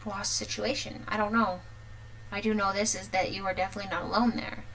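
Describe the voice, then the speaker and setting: A woman's voice: mid-range voice, little pitch movement, fairly quick, gravelly, a bit bright, rough recording. Chatty, laughing woman reading tarot. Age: 30s. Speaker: tarot reader.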